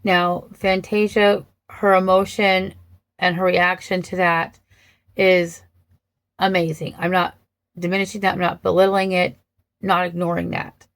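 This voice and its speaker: A woman talking casually about two film versions of a story, thoughtful and hesitant with many pauses and restarts. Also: fairly low pitch, flat delivery, fairly bright tone, no echo. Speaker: vlogger reviewing films.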